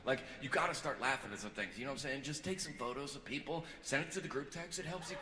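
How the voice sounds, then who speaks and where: A man performing a stand-up comedy set live on stage, moving between quiet earnest confession and loud joking banter with the crowd. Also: medium pitch, fast talker, very noisy. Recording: echoey venue with loud audience ambience.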